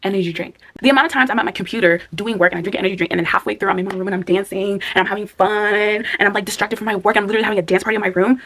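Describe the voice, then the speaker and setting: A woman in her twenties speaks casually and directly to her viewers. She leans hard on repetition, saying key lines again and again, and acts out her own inner thoughts. Her voice sits at an ordinary pitch and carries a gravelly fry. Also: fairly even intonation, rapid-fire, few pauses, a bit bright, a little hiss or hum. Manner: emphatic, repeats phrases for stress, acts out her own thoughts. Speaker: vlogger giving life advice. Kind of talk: casual direct-to-camera advice talk.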